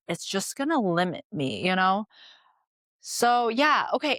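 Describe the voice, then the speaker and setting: A young woman hosts her own podcast in a fairly high, fairly bright voice, recorded at studio quality with no room sound. She moved to America at age ten. Her casual chat is loose and free-flowing, peppered with "like" and "you know."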